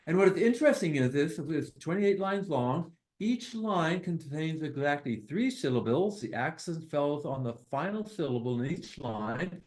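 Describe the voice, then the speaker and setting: A man reading poems at an online poetry gathering, slowly and deliberately, with chatty asides between them. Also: fairly high pitch, expressive, darkish tone, poor audio. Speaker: poetry reader at an open mic. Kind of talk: casual reading and commentary. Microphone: online video call.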